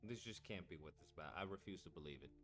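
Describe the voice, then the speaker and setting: A man's voice: low-pitched, racing, fairly bright tone, soft background music. A man hosting a casual live stream, rambling and swearing as he talks to his chat. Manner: rambling and profane, talking to chat. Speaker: streamer host.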